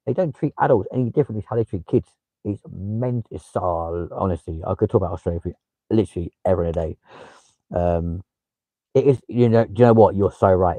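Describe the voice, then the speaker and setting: A man's voice: deep voice, dark tone, dry recording, poor audio. A young man with a London accent chatting casually on a livestream, swearing freely and replying to viewers. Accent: London English. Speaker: livestream host.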